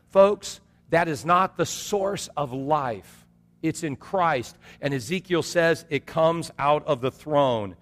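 A male pastor delivers a sermon in a high, bright-edged voice. He preaches in an animated, storytelling manner and calls out for amens. His words ring through a church hall with a long reverb. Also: a little slow.

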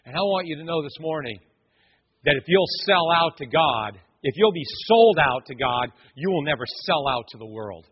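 A man preaching a sermon as a pastor, dramatic and animated, acting out quoted voices. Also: a little high, moderate pace, breathy edge. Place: church sanctuary. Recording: muffled, long hall reverb.

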